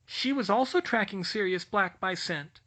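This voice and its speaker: A man's voice: sits high, animated, moderate pace, pushed and bright, pitched above the performer's own voice. A man voicing a timid, eager little male house-elf who speaks of himself in the third person. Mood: apologetic.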